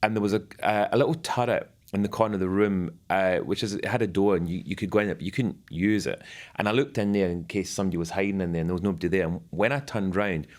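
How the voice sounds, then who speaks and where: A middle-aged man, a former butler, tells an anecdote in a relaxed chat, laughing often as he goes. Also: sits low, quick pace. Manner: lively storyteller who laughs often. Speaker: former royal butler guest.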